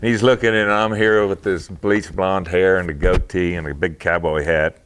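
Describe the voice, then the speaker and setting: A very low-voiced man recounts old memories in a casual interview. He talks in a halting, rambling way, full of fillers and restarts, and breaks into laughter often. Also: steady tone, fairly bright tone, clean tone. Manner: laughs often while telling stories. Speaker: interview guest, former wrestler.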